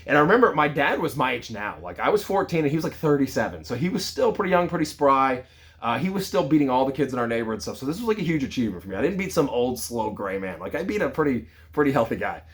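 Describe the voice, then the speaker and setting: A man's voice: medium pitch, big pitch swings, fast, a bit bright. A man in his thirties, a sales leader, telling a personal story in a casual, conversational way with plenty of fillers.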